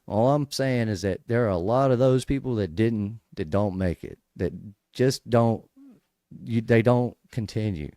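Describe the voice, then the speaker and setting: A man's voice: mid-range voice, warm tone, dry recording, studio quality. A man hosting a casual Bible study show, explaining verses in a conversational way, with frequent restarts and sudden emphatic bursts.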